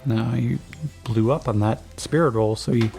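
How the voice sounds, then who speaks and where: A man's voice: medium pitch, moderate pace, vocal fry. A man narrating as game master of a tabletop game, talking in a laid-back, rambling way with many fillers. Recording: soft background music.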